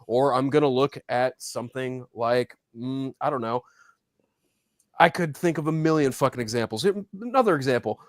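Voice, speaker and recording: A man with a fairly high voice, a podcast co-host, rants in a heated, profane live-stream chat, mocking fans with whiny shouts. The recording is dry and studio quality.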